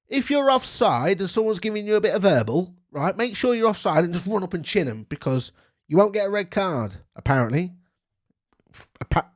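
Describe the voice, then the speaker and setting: Sweary indignant bloke ranting. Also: male voice, high voice. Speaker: football vlogger. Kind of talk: angry football rant.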